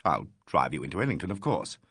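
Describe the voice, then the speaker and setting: A man's voice: low voice, sing-song, fast, fairly bright tone, breathy edge, no echo, voice pushed down, exaggerated voice. A man voicing a dry, understated painter in a mystery audiobook. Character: dry, laconic male painter.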